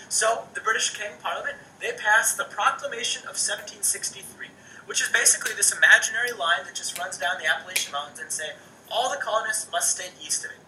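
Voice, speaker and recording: A male teacher going through a study guide in a casual, animated way, with many "um"s and "right?"s. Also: sits high, far from the mic, a little hiss or hum. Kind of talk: recorded homework lesson, study guide review. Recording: echoey room, voice off-mic.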